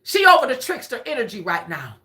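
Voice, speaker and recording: Excitable high bright-voiced woman. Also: brisk. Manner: excitable, repetitive, swears freely, breaks into chants. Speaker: spiritual reader on a live stream. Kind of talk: casual spiritual reading.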